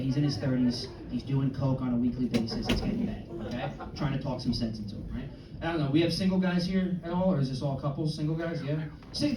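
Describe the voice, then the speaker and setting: Man in early thirties, stand-up comic, brash and crude, higher voice, roomy club sound, audience noise behind. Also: recorded from a distance. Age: early 30s. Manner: brash, crude, punchy club delivery with loud outbursts. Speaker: stand-up comedian. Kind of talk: stand-up comedy set. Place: comedy club stage. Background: audience laughter and club ambience.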